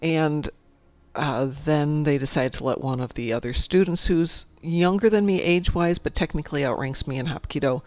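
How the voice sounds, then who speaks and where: A woman hosting a casual gaming chat, a chatty storyteller who talks in an animated, jokey way. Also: low voice, normal speed, no room sound. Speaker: stream host.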